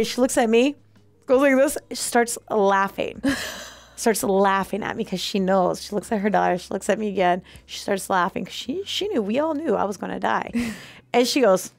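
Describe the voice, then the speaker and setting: Brief: woman co-host, animated storyteller, high-pitched, dry close mic. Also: dry recording. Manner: acts out voices, frequent laughter.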